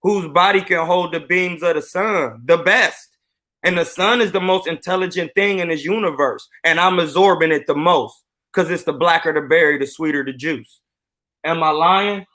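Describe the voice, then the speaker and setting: Boxing coach guy on a live stream, high bright voice, bragging his way through a story. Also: normal speed. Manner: animated, boastful storytelling.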